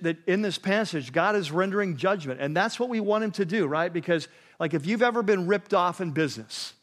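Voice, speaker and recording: A male pastor delivers a sermon in a slightly high, casual, conversational voice. He leans in with repeated prompts to his listeners and sinks low and soft when he lands a point. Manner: conversational preaching, repeats "catch this", drops low and quiet on key phrases.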